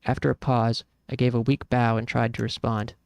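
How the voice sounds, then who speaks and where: A man's voice: mid-range voice, flat delivery, moderate pace, gravelly, darkish tone, smooth, dry recording. A man streaming, reading a story game aloud in an earnest, reflective way.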